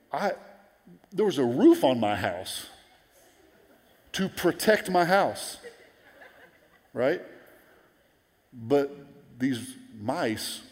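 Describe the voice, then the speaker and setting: Animated preacher in a reverberant hall. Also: male voice, medium pitch. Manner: animated storytelling, acting out quoted voices. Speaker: pastor. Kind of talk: sermon.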